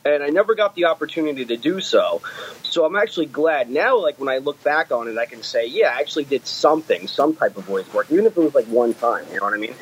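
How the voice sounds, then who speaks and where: A man hosting a podcast in casual, animated, rambling chat, swearing freely. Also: mid-range voice, fast, slight background noise, low-quality recording. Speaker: podcast host.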